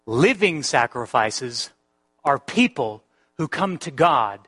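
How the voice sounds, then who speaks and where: A man pastor preaching a sermon, slowing down to stress key words and building to emphatic repetitions. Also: mid-range voice, lively intonation, a bit bright, slightly rough.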